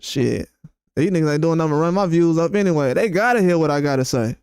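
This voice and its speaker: Heated, high-voiced male streamer ranting. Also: expressive, quick pace, gravelly, a little mellow, smooth, no echo, clean studio sound. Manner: profane, blunt and repetitive. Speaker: boxing YouTuber host. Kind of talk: heated live-stream rant.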